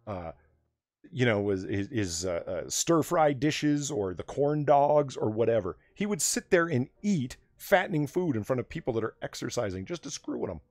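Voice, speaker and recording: A man's voice: medium pitch, big pitch swings, normal speed, a little mellow, no echo, clean studio sound. A man hosting a late-night livestream chat, loose and rambling, laughing often as he tells stories and reads chat. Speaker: livestream host.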